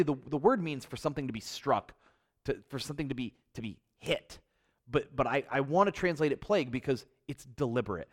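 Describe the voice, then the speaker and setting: Man teaching a Bible study. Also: mid-range voice. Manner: conversational, many restarts and repeated words.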